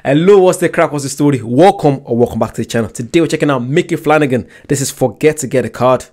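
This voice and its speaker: A man's voice: mid-range voice, fast talker, darkish tone. A young man hosting a reaction video, chatting casually and rambling through a personal story with restarts. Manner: chatty, rambling, self-correcting.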